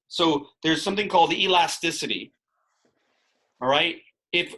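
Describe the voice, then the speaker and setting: A man teaches a math class in a fairly high, bright, forceful voice, and the recording quality is low. His classroom explanations ramble, with frequent restarts and asides.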